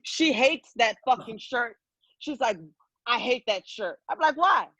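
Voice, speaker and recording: A woman's voice: on the high side, a little slow, no room sound. A woman comedian telling loose, profane stories in casual chat over a video call. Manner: loose, profane, animated storytelling. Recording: dull lo-fi video call audio.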